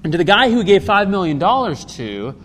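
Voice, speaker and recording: A man's voice: high voice, sing-song, brisk, a bit bright. A man preaching in a conversational way and asking his listeners rhetorical questions as he explains a Bible passage. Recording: long hall reverb with faint background noise.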